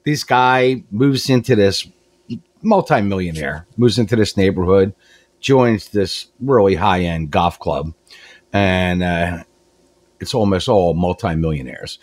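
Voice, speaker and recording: A man's voice: on the low side, darkish tone, no room sound. A man co-hosting a talk radio show in a studio, chatty and jovial as he tells a joke. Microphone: studio microphone.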